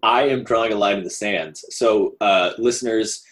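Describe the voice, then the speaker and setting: A man from the American South with a nasal voice guests on a podcast and talks in a chatty, rambling, enthusiastic way. His pitch sits on the low side. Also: normal speed, fairly bright tone. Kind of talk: casual podcast conversation.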